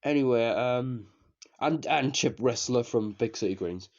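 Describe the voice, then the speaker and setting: A man's voice: medium pitch, a little slow. A man giving a casual spoken review of a cartoon series, rambling and repeating himself as he trails off into fillers. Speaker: TV show reviewer. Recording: slightly dull lo-fi recording.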